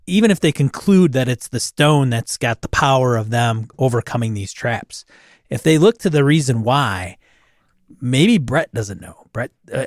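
A man's voice: mid-range voice, no room sound, clean studio sound. A man co-hosting a casual chat about tabletop games, conversational and quoting players at the table. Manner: conversational, quotes players and game master. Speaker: podcast co-host.

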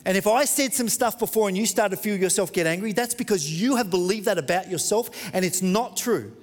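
A man preaching a sermon as pastor, dramatic and moving between loud and hushed. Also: high voice, brisk, long reverb tail, soft background music.

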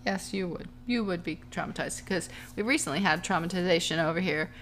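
A woman co-hosting a podcast in casual chat, making wry asides and quiet complaints. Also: lowish voice, fairly quick, a little hiss or hum. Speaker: podcast co-host.

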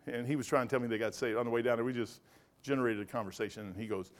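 A man's voice: mid-range voice, very fast. A male pastor teaching a Bible study, preaching emphatically with folksy stories.

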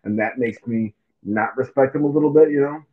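A man's voice: medium pitch, a little fast. Man on a tinny, phone-like mic. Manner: animated, acts out quotes in silly voices. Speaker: podcast co-host. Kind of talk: casual sports chat.

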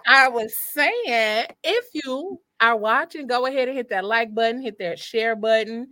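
A woman's voice: on the high side, moderate pace, bright, forceful tone, no echo. Chatty playful woman hosting a live stream. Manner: playful, chatty, uses casual slang. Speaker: host. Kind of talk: casual live-stream talk show chat. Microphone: video call.

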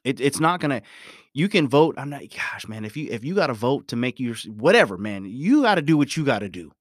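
A man delivers an emphatic motivational talk and drives his points home by repeating them. His pitch swings widely and expressively. The recording is dry, with no room echo. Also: sing-song, fairly quick. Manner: repetitive, emphatic, preachy. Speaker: motivational speaker.

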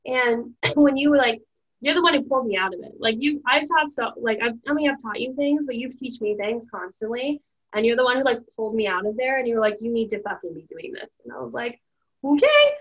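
A woman's voice: a little high, a bit bright, lo-fi sound. A young woman hosting a casual podcast chat as a mindset coach, talking in a chatty, emotional way full of "like". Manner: chatty, heavy use of "like", emotional.

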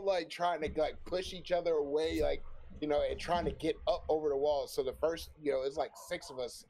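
A man's voice: on the high side, brisk, slight background noise. Young man telling a profane, laughing story. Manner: profane, animated, laughs often. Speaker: podcast guest telling a story. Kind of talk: casual storytelling chat.

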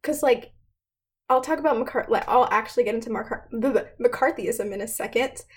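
A young woman giving a casual, chatty history explainer, full of fillers and quick laughs. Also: a little high, husky. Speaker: student presenter.

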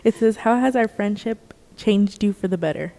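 A woman's voice: medium pitch, moderate pace, vocal fry, mellow, long reverb tail. A young woman in casual chat as a podcast co-host, chatty and encouraging. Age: young adult.

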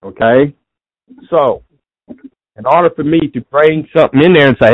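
A man's voice: a little high, normal speed, long pauses, no room sound. A man talking as an interview guest in a casual, rambling way, often restarting his sentences, on a dull lo-fi recording.

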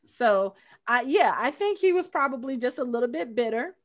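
A woman talks through a film in casual podcast chat. She is chatty and animated, and she slips into short voices for the characters as she retells scenes. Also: a little high, moderate pace, lo-fi sound. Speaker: podcast co-host. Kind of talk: casual movie discussion.

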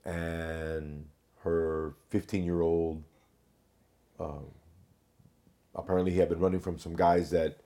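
Man, very low voice, dark and mellow, measured storyteller, former investigator. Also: level tone. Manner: measured, recounts cases with quoted dialogue. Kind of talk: conversational storytelling.

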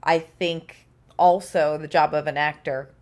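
A woman voice actor chatting casually, telling lively stories and mimicking the people she quotes. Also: low-pitched, a little slow. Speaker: podcast guest, voice actor. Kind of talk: casual chat. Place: recording studio.

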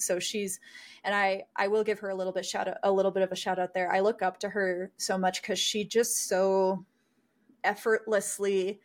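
A young adult woman chatting as a podcast guest, bubbly and self-deprecating, often laughing. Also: mid-range voice. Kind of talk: casual chat.

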